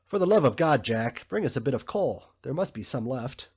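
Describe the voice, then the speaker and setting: A man voicing a bustling, grumbling male election canvasser in a storybook reading, with a husky, slightly muffled sound. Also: medium pitch, animated, darkish tone. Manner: brisk, grumbling, complaining.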